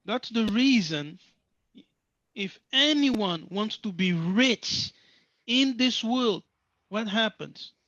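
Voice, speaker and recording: A man's voice: sits high, expressive, slow, pauses often, a bit bright, dry recording. A man teaching a sabbath class, speaking emphatically, repeating phrases and asking rhetorical questions. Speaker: religious teacher. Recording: dull lo-fi sound, dry.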